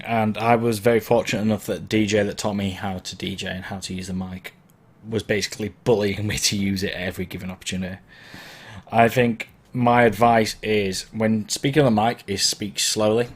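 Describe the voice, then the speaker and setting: A man's voice: on the low side, breathy edge. A man hosting a live question-and-answer stream as a DJ, casual and encouraging, his throat sore from hay fever. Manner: chatty and encouraging, wanders and self-corrects. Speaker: DJ and online Q&A host. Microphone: mic placed below the camera.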